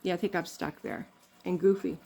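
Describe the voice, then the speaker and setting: A woman's voice: lowish voice, fairly even intonation, a little fast, creaky, mellow. An older woman from Canada telling rambling, funny family stories in a casual vlog, laughing often. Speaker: vlogger.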